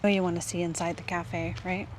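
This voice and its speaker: A woman's voice: on the low side, little pitch movement, fairly quick. Woman on a garden walk, oohs and aahs at every plant, camera mic outdoors, a bit of noise behind. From Canada. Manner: gushing, exclamatory, often drops to a hush. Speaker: gardening vlogger. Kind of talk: casual walk-and-talk vlog.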